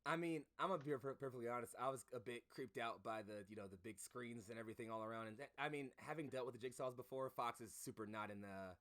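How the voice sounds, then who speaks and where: Male co-host, rapid and gushing, average pitch. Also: a bit bright. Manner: effusive and chatty. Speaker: co-host and player. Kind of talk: casual stream chat.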